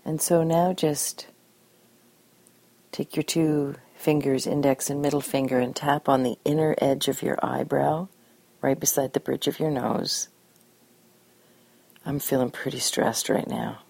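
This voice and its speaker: A woman guiding a tapping session in a calm, gentle way, giving phrases for the listener to repeat. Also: very deep voice, measured pace, vocal fry, husky, no echo. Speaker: tapping practitioner.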